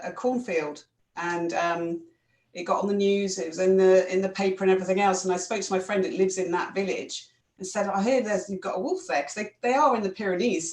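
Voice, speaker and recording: A woman's voice: lowish voice, darkish tone, recorded from a distance. A woman co-hosting a casual chat, speaking thoughtfully and restarting her phrases. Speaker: co-host. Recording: echoey room, away from the mic.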